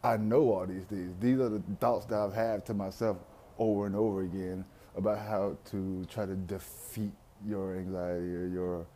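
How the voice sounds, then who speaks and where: Young dude, low voice, just rambling candid about his head, cussing a lot. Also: steady tone, moderate pace, dark tone, slight background noise. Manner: rambling, reflective, with profanity and slang. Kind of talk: candid personal monologue.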